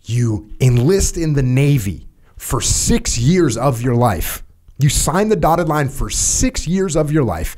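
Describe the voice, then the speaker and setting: A middle-aged man hosting a podcast, trading training memories in casual chat, animated, laughing, and swearing freely. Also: medium pitch, slow. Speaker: podcast host, former Navy SEAL. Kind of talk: casual conversation.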